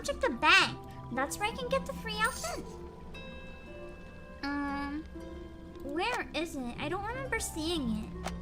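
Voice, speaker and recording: A woman streaming a game in casual chat, chatty and expressive, laughing often between remarks. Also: high-pitched. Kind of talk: casual gaming livestream chat. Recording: game music playing loudly behind.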